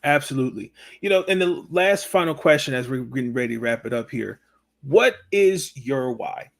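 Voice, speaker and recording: A man hosting a casual sports talk podcast over a video call. His voice sits at a middle pitch, and he often stalls, repeats himself and reaches for fillers as he speaks. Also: expressive, normal speed, creaky. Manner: hesitant, repeats words, many fillers. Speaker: podcast host. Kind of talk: casual interview chat.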